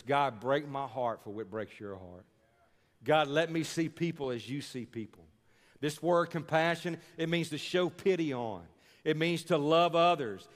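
A man preaching a sermon as pastor, urging the congregation and slowing down on key words. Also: fairly high pitch. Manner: exhorting the congregation, slowing for emphasis. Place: church sanctuary. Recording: long reverb of a church hall.

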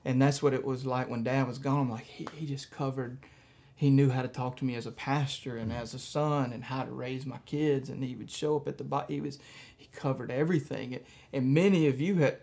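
A man pastor telling a personal story in a church message, soft-spoken and halting, with frequent fillers. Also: mid-range voice, steady tone, creaky.

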